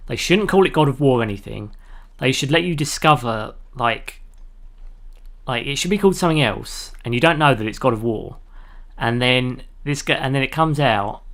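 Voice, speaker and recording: A man's voice: medium pitch, fairly bright tone. A man in the middle of a live gameplay stream, chatting with his viewers in a loose, rambling way. He laughs easily at his own jokes and drifts from one thought to the next. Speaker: live streamer playing a video game.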